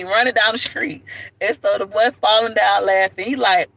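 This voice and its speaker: A woman telling stories to camera in a blunt, animated way, often calling viewers "baby". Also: mid-range voice, fairly quick, background noise. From Florida, USA. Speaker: vlogger. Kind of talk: casual storytelling to camera.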